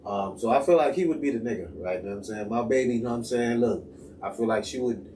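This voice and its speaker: A man's voice: medium pitch, fast, warm tone, far from the mic, a little hiss or hum. A man in casual chat, talking in a rambling, hesitant and profane way. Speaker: podcast co-host.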